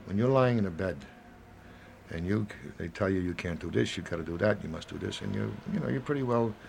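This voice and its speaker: Gravelly older man in his seventies. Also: sits low, a little mellow, slight background noise. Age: 70s. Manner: rambling, halting, acts out little dialogues. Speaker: interviewee. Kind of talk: reflective interview talk.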